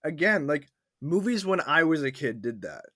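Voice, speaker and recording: Blunt, higher-voiced man on a podcast. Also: big pitch swings, normal speed, a bit bright, no echo, clean studio sound. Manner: blunt, opinionated, heavy with fillers like "like". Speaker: podcast co-host. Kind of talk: casual movie review chat.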